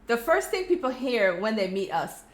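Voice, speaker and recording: A woman with a Crucian accent from St. Croix talks in a fairly high voice as she hosts a casual live stream. She chats straight to her viewers, reads their comments aloud and slips into animated stories. She sounds middle-aged. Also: normal speed. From US Virgin Islands (St. Croix). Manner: chatty, animated storytelling with friendly direct address. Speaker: host of a live check-in stream.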